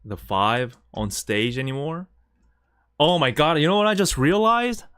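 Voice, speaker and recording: A man's voice: on the high side, lively intonation, unhurried, fairly bright tone, clean tone, no echo, studio quality. A man streaming live, reacting emotionally and stammering as he repeats his words.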